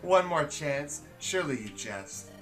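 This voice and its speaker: A man's voice: on the high side, lively intonation, measured pace, soft background music. A man voicing a haughty, cruel noblewoman in a game, with clipped, contemptuous delivery. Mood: scornful.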